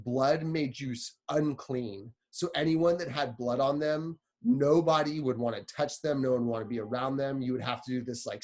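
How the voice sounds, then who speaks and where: A man's voice: medium pitch, a little mellow. A man giving a casual, chatty sermon, retelling a story with a playful, conversational manner.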